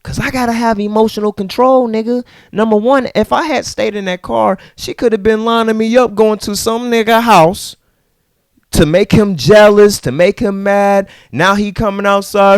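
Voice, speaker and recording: A man hosting a podcast, telling a story in a casual, animated and profane way and acting out the people in it. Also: high-pitched, moderate pace, clean tone, no echo, clean studio sound. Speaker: podcast host.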